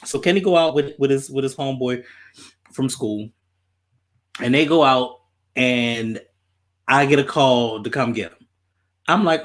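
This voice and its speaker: A podcast host from Baltimore, USA, tells a story in a loose, animated way, swearing freely and repeating himself as it builds. His voice is average in pitch, his pace measured, and he pauses often.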